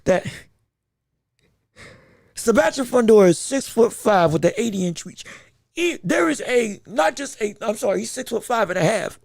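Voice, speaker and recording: A man hosting a podcast, in an animated, exaggerated sports rant that swings between playful fury and laughter, often stumbling over his words. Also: high voice, normal speed, gravelly, long pauses, dry recording, studio quality. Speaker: podcast host.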